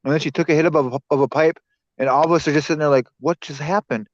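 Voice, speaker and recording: A man's voice: fairly high pitch, fairly even intonation, rapid-fire, no room sound. Rambling, swearing man on a dull mic. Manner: rambling storyteller, swears a lot. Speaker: podcast co-host. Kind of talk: casual chat. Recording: dull dry lo-fi sound.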